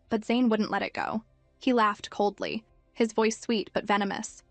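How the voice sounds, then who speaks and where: A woman giving scripted narration of a comic story recap in an even storytelling manner. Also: mid-range voice, normal speed, dry recording, faint music behind.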